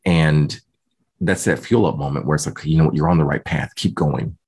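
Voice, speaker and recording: Man, interview guest, very deep voice, husky, personal storytelling. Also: normal speed. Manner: animated retelling, voicing others in quotes.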